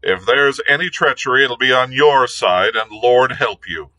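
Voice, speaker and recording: A man's voice: mid-range voice, animated, unhurried, pushed and bright, pitched above the performer's own voice, rough recording. A man voicing a stern older ship's captain who gives curt, commanding orders.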